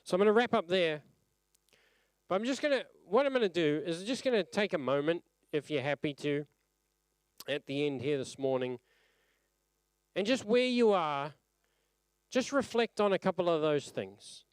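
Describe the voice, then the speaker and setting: Earnest preacher. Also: male voice, expressive, normal speed, long pauses, clear, resonant tone, no room sound. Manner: earnest and reflective, dropping his pitch softly at phrase ends. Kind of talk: sermon. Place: church service.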